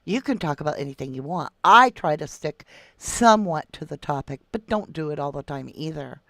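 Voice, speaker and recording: A middle-aged woman with a drawl talks in a low, gravelly voice. She reads viewer comments aloud on a livestream and answers them with folksy endearments. The mic is close and dry. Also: lively intonation, brisk, a bit bright, no room sound. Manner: chatty, calls viewers love and sweetheart. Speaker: true crime livestream host. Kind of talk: casual livestream chat reading viewer comments.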